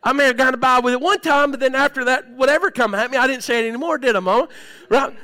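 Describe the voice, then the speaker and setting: Animated preacher with a bright voice. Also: male voice, extremely high pitch, quick pace. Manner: storytelling, swings between hushed and raised, asks the congregation questions. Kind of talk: sermon.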